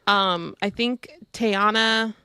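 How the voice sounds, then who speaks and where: A woman's voice: medium pitch, fairly even intonation, slow, pushed and bright, smooth, no echo, clean studio sound. A woman co-hosting a podcast in casual chat, rambling with many ums and restarts. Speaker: podcast co-host.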